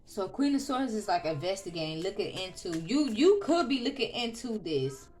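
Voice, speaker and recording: A woman reads tarot cards in a relaxed, chatty way, thinking aloud and circling back on her words. Her voice sits at an ordinary middle pitch for a woman. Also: normal speed, faint music behind. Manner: chatty, loose, with frequent ums and restarts; soft murmured prayer. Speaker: tarot reader. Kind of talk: casual tarot reading.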